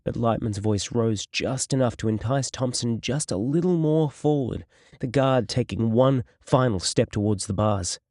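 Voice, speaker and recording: A man narrating an audiobook in the first person, with steady, measured storytelling. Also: on the low side, no room sound, clean studio sound.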